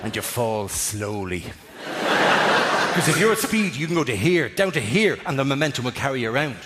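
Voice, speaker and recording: A middle-aged man doing stand-up comedy in a big theatre, animated and breaking into sudden shouts. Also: medium pitch, normal speed. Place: large theatre stage. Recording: reverberant theatre, audience noise.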